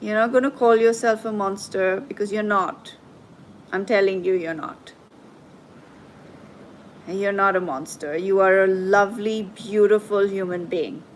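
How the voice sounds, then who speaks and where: Slow, soothing woman livestream host. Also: medium pitch, fairly even intonation, slight background noise, poor audio. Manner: soothing, reassuring, slow and gentle. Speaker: tarot reader and coach hosting a livestream. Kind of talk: live stream chat reading viewer comments.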